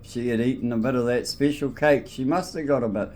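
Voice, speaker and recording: A man's voice: medium pitch, a little fast, a little mellow. A man telling a casual anecdote, rambling with restarts and frequent "so anyway".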